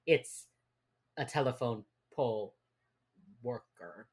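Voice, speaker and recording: Low-voiced wry woman co-host. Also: expressive, slow pace, a loud crowd. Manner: wry, dry asides, swears casually. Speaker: podcast co-host. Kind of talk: casual chat recapping a TV episode.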